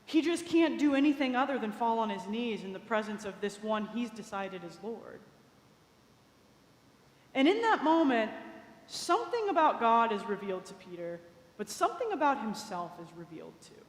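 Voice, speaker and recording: Inside a large cathedral whose long reverb fills the recording, a woman preaches a conversational sermon. Her voice is on the high side and expressive at a moderate pace as she retells a story with little asides.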